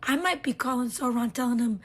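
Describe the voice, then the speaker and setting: A woman's voice: on the high side, fairly quick, slightly rough. A woman whispering a casual monologue to her viewers. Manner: whispering, airy and hushed.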